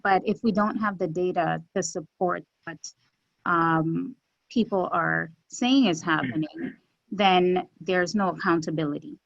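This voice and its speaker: A woman who runs a community health center answers interview questions in an earnest, measured way, pausing often with fillers. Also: on the low side, vocal fry, lo-fi sound. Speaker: executive director of a community health center, guest.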